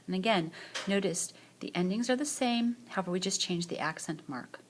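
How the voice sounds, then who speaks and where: A woman French teacher giving a screencast grammar lesson, explaining patiently and modelling phrases slowly for repetition. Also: fairly low pitch. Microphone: voice-over on a tablet screencast.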